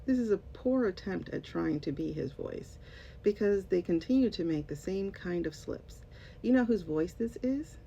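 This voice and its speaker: A woman's voice: gravelly, warm tone. A woman who used to teach English, talking to her viewers in a casual commentary vlog. She is sarcastic and emphatic and addresses her audience directly. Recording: dull lo-fi sound with faint rumble.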